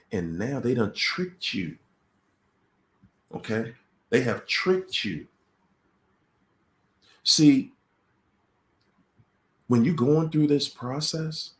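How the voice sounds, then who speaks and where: A man hosting a live question-and-answer stream, talking casually and dramatically, repeating phrases for emphasis and acting out voices in quoted dialogue. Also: fairly low pitch. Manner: casual and conversational. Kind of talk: livestream talk on relationships.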